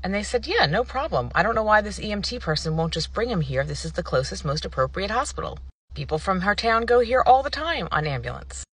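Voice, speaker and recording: A woman vlogger telling a personal story to the camera in a casual, animated and indignant way, acting out what people said. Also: mid-range voice, fast, breathy edge, no room sound. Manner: animated, indignant retelling with acted-out quotes.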